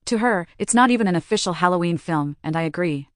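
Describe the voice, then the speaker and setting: A woman's voice: fairly low pitch, lively intonation, fast, no echo. A woman giving an opinionated, dry commentary in a movie review.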